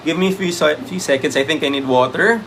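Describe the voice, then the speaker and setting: Male review lecturer, Filipino accent, slightly higher voice, Taglish, lots of fillers, faint noise behind him. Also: fast talker, a bit bright. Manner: Taglish code-switching, many "um" fillers; thanks viewers by name. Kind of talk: live-stream exam review.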